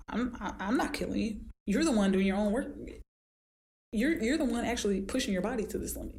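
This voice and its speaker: A woman hosting a solo podcast as a fitness trainer, talking casually and acting out her clients in high squeaky voices as she tells stories. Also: brisk. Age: adult with a daughter. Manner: animated storytelling, acts out clients in high voices.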